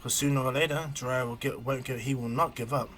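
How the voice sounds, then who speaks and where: A man's voice: medium pitch, steady tone, fast talker, fairly bright tone, close to an everyday voice. A sly, scheming adult male ninja with a dry, teasing edge, voiced by a man narrating a fan story. Faint background music plays throughout.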